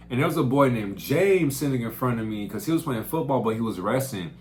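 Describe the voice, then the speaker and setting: A young man working as a camp counselor, telling stories in a casual, slangy way that swings up into loud outbursts. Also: mid-range voice, expressive, a little fast. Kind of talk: casual storytelling vlog.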